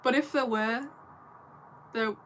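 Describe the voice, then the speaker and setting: A woman's voice: on the high side, fairly even intonation, slow pace, slight background noise. A young English woman from the north of England, chatting casually on a livestream, giggly and rambling as she answers viewers at home.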